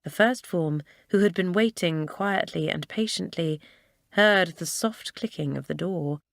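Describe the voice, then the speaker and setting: Woman, audiobook narrator, lowish voice, measured expressive storytelling, dry close mic. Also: creaky, dry recording.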